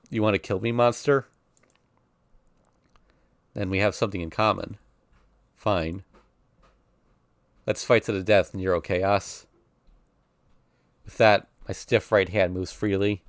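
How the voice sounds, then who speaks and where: A man's voice: fairly low pitch, steady tone, unhurried, long pauses, no echo, clean studio sound. A man streaming, reading a visual novel aloud in an intense, emotional first-person narration.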